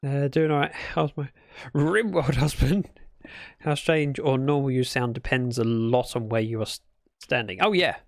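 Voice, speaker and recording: Medium in pitch, with vocal fry and a normal pace, a British man talks casually while livestreaming a game. He's playful and rambling and keeps amending what he says. The recording is dry.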